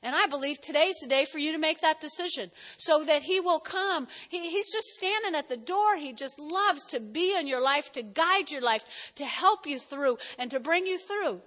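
A woman's voice: sits high, expressive, moderate pace, few pauses, fairly bright tone. A woman pastor preaching a conversational sermon and reading scripture aloud. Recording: long hall reverb.

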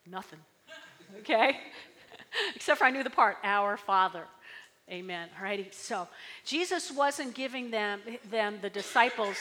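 Bright-voiced woman preaching in a reverberant hall. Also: fairly high pitch. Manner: chatty, tag questions, audience call-and-response. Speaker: pastor. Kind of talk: sermon.

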